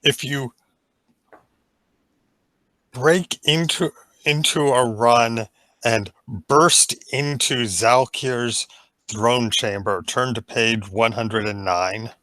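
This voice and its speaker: A man leading an improvised story game, narrating playfully with halting restarts. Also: mid-range voice, pushed and bright, dry recording, rough recording.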